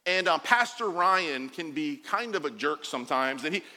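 A man in his forties preaching a sermon, animated and jokey, acting out the quotes he tells. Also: fairly high pitch, normal speed, big-room sound. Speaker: pastor.

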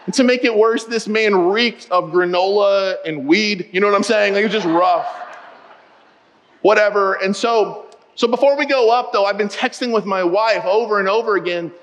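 A man with a notably high voice preaching in a church auditorium, with the long reverb of a big hall behind every line. He tells personal stories with humor and turns to the congregation often, keeping things lively and direct. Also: normal speed, a little hiss or hum. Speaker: pastor. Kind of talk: sermon with humorous storytelling.

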